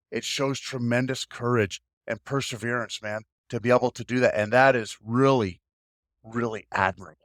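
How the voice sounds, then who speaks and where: A man's voice: medium pitch, dry recording, studio quality. A man hosting a podcast, talking in an encouraging, emphatic way to his guest. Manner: warm encouraging, emphatic praise. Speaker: podcast host. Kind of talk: casual podcast talk.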